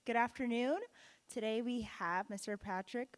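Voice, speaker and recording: A woman's voice: a little high, normal speed. A woman moderating a conference session, hesitantly introducing the next speaker. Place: conference room.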